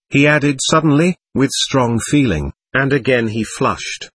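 A man narrating a novel as an audiobook, reading in an expressive, measured way. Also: mid-range voice, husky, no echo. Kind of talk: scripted narration.

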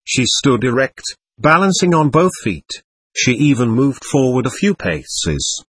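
A man narrating a story aloud with a husky, slightly breathy voice and lively rising and falling pitch. His telling is gentle and expressive, recorded dry and close with no room sound. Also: unhurried, no room sound.

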